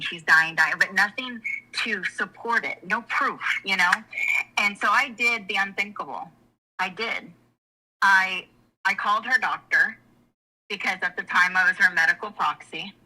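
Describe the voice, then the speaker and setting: A woman's voice: lowish voice, pushed and bright, low-quality recording. A middle-aged woman, candidly telling a personal story in conversation, frank and emotional and often rambling with restarts. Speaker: guest.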